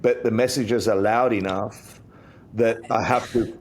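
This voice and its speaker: A man, a guest on an interview podcast, telling a personal story in a lively way and acting out the voices in it. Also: on the low side, unhurried, a little hiss or hum. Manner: animated storyteller, acts out quotes. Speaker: interview guest, Buddhist teacher.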